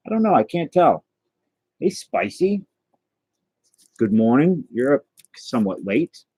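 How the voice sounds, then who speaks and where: A man's voice: medium pitch, very animated, moderate pace, dark tone, breathy edge, no echo. A man hosting a casual livestream, chatting and answering his viewers as he goes. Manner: chatty, answers chat messages aloud, stumbles and restarts. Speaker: livestream host opening trading cards.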